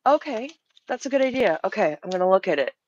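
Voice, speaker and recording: A woman's voice: medium pitch, animated, fast, a little mellow, dry recording, highs cut off. A woman streaming casual chat while drawing, flustered and rambling, laughing easily.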